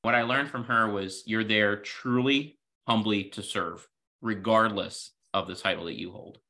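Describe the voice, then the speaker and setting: An interview guest on a podcast, a healthcare executive, shares stories from his career in an earnest, reflective manner, dropping "you know" throughout. His voice is fairly low, bright and forceful, with fairly even intonation and a slightly slow pace.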